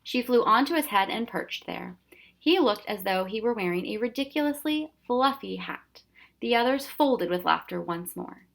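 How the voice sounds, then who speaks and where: A woman reading a children's novel aloud with steady, expressive storytelling. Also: a little high, moderate pace, gravelly. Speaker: storybook reader.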